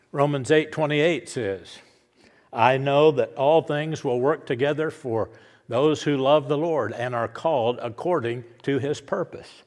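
Man preaching a sermon, repeats his lines and builds up loud, then goes soft, big echoey hall. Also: a little high. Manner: emphatic repetition, rising to loud declarations. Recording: long hall reverb.

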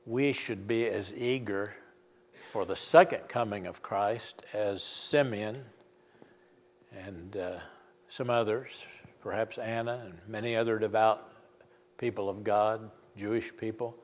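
Older preacher, halting, in a reverberant hall. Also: male voice, on the low side. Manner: folksy, halting, many fillers and restarts. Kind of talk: sermon storytelling.

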